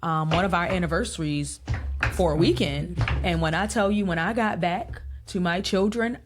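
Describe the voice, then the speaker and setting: A woman in her thirties, a podcast guest telling family stories in a casual, animated way and laughing often. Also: fairly low pitch, normal speed, noisy background. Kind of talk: casual interview chat.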